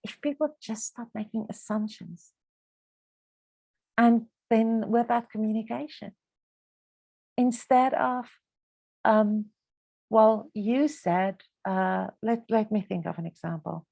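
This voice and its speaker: A woman's voice: fairly high pitch, fairly even intonation, slow pace, vocal fry, long pauses, warm tone, dry recording. A woman hosting a podcast, talking in an earnest, reflective and motivational way. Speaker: podcast host. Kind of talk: casual conversational podcast talk.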